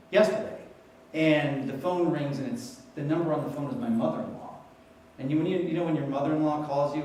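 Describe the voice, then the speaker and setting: At a conference hall, a middle-aged keynote speaker gives a storytelling talk on patient experience to an audience, animatedly acting out the voices of people in his stories. His voice is mid-range. The recording is rough and very echoey, with a distant mic and a little hiss or hum.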